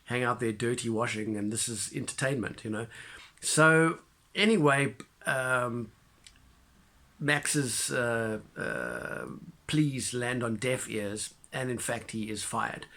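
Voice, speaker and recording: A man talks through a classic film's plot in a loose, animated way. He stumbles, restarts and fills gaps with "you know" and "um". His voice sits at an everyday middle pitch. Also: measured pace. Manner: animated retelling, many fillers and restarts. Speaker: film reviewer. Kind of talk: casual spoken film review.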